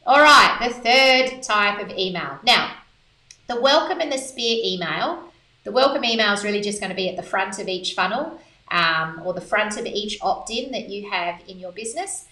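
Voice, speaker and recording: Bright, upbeat woman. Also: mid-range voice, animated, normal speed. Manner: upbeat and conversational, punchy asides. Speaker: business coach. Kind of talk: instructional talk to camera. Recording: roomy echo, mic held at a distance.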